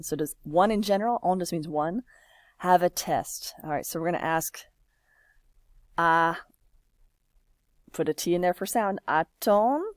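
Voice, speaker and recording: A woman teaching French at a deliberately unhurried pace. Her voice sits a little low, and she coaxes the class along with patient, encouraging prompts. The sound is dry and close, with no room echo. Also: darkish tone. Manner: patient, encouraging, slow and drawn-out. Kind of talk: classroom lesson, typing while explaining.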